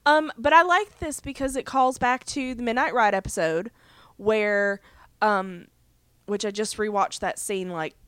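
A woman's voice: mid-range voice, measured pace, clean tone, dry recording. A woman co-hosting a podcast, sounding stuffy and chatty as she recaps a TV episode with a lot of fillers. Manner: chatty, animated, lots of fillers. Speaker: podcast co-host. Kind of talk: casual chat recapping a TV episode.

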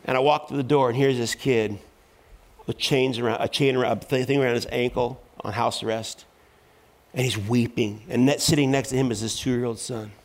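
A middle-aged man preaching a sermon in a church, telling stories and building up to loud, fervent exhortation. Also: medium pitch, steady tone, normal speed. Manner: storytelling, voice rising to loud preaching. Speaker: pastor.

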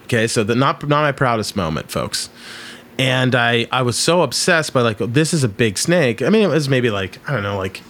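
A man's voice: mid-range voice, expressive, moderate pace, a bit bright. A man hosting a casual chat, telling rambling stories and swearing freely.

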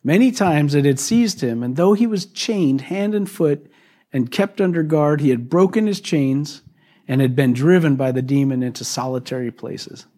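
A male pastor giving a live church sermon, telling the story in a conversational, animated way. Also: a little high, normal speed. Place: church service.

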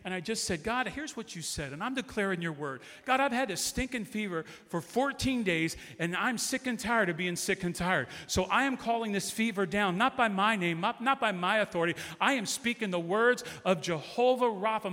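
A middle-aged man delivers an impassioned sermon, hammering his points home with repeated declarations. His voice sits high and sounds bright and forceful. The sound rings with the long reverb of a church sanctuary. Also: fairly quick. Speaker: guest pastor.

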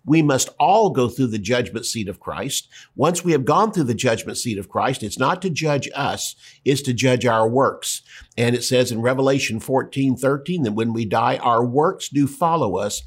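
A man's voice: mid-range voice, animated, moderate pace, breathy edge. A man pastor teaching through scripture in a plain, explanatory sermon voice, reading verses aloud.

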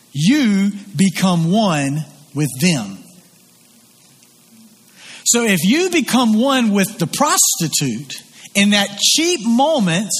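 A male pastor preaches in a high, slightly husky voice, earnest and emphatic as he circles back over his phrases. His words ring out with the long reverb of a large church hall. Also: fairly bright tone. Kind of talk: sermon.

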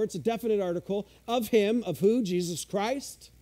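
A man's voice: high-pitched, normal speed, hardly any pauses, dark tone. A male pastor preaching a sermon in a conversational, self-deprecating way, eagerly unpacking the original Greek words of scripture.

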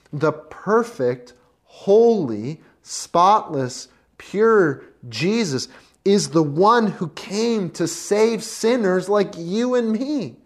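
A preacher gives an impassioned sermon in a mid-range voice, moving between soft, intimate passages and loud, forceful ones while calling his listeners friends.

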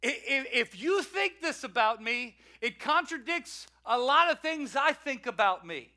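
A man preaching a sermon, energetic and joking, repeating key lines for emphasis. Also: very high-pitched, measured pace. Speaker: pastor.

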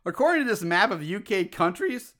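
A high-voiced man in a casual chat, excitable and quick to react. His tone is bright and cutting, and his pitch leaps up and down as he talks. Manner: excitable, laughs often, swears freely. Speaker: podcast co-host.

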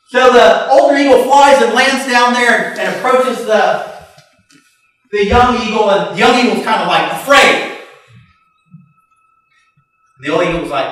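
A male pastor telling a folksy parable in a sermon, lively and conversational with frequent restarts. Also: high voice, unhurried, long pauses. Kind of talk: sermon storytelling. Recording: echoey hall from far off, faint music.

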